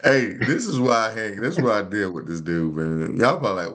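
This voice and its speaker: A middle-aged man chatting on a podcast. His voice sits low but jumps around a lot as he laughs, teases his co-host, and drops folksy slang. Loose, playful, unscripted talk. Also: moderate pace. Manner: laughing, animated, Southern-tinged slang. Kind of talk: casual chat.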